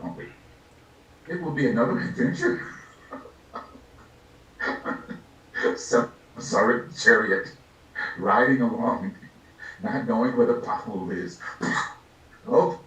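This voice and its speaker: An older man, a Buddhist lama, giving an unhurried, reflective dharma talk, laughing softly and acting out little scenes as he teaches. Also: on the low side, expressive. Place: meditation hall. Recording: echoey room, distant mic, faint ambience.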